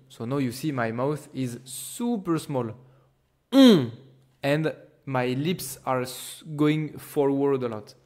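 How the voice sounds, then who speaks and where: A language teacher gives a pronunciation lesson, patiently exaggerating each sound for the learner. His mid-range voice is animated and measured in pace.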